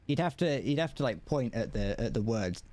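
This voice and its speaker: A man's voice: mid-range voice, lively intonation, normal speed, a little mellow. A British man streaming a video game, chatting casually and rambling with jokes. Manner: joking and rambling. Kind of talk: casual live-stream chat.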